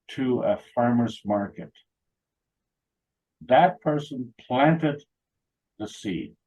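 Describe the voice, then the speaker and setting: A man's voice: medium pitch, a little mellow, lo-fi sound. A man chatting casually, telling rambling anecdotes full of "you know" and acting out other people's lines. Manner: acts out quoted dialogue in funny voices. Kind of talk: casual chat.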